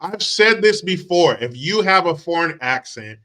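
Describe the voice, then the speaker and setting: A man with a high, bright voice rants his way through a commentary, sarcastic and crude. He picks fights with every point and swears freely. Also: lively intonation, a little slow. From United States. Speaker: commentary channel host. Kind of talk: profane ranting commentary.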